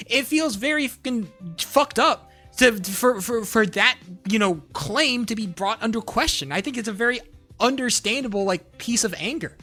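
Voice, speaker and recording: A streamer in a heated, profane live-stream rant, full of restarts and repeated words, at times rising to shouts. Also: mid-range voice. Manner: rises to shouting when angry.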